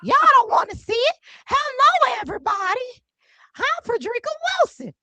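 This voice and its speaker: A woman voicing a boastful older woman politician who calls herself the queen, in a high, drawn-out, bossy manner. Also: sing-song, bright, forceful tone, full character voice. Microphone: studio mic.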